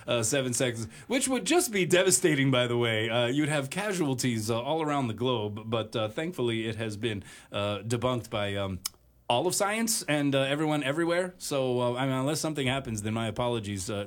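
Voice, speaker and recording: A man hosting a sports talk radio show, chatting casually with many filler pauses. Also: mid-range voice.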